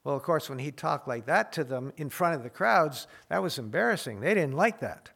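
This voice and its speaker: A man delivers a sermon in a plain, conversational way, stopping to rephrase as he goes. His voice sits a little high for a man. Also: expressive, a little fast, gravelly, a bit bright, slightly rough. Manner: conversational teaching, with small restarts and paraphrased quotes. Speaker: preacher.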